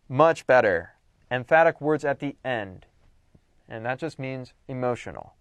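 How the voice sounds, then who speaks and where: Lively man teaching a writing lesson. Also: fairly high pitch, normal speed, no echo. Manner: animated, emphatic teaching with playful exaggeration. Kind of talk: recorded lecture on writing.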